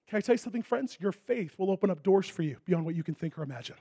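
High-voiced husky preacher man. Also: racing, hardly any pauses. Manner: animated storytelling, acts out dialogue, swings from loud excitement to hushed intensity. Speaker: pastor. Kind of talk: sermon.

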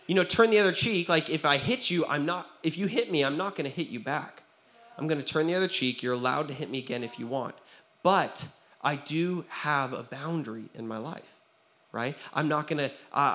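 A young man preaching a sermon as pastor, conversational and earnest, often checking in with "right?" and acting out quoted voices. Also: fairly high pitch. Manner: acts out quoted voices, drops to a quiet tone for serious stories.

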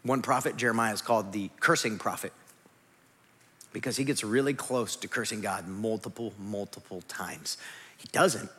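A man preaching a sermon as pastor, swinging from loud pleading to hushed near-whispers, with jokey asides. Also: on the low side, normal speed. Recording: long hall reverb.

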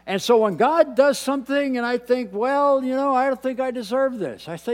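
A man preaching a sermon as pastor, moving between quiet, dropped asides and loud, emphatic lines. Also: very high voice, normal speed. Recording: long hall reverb.

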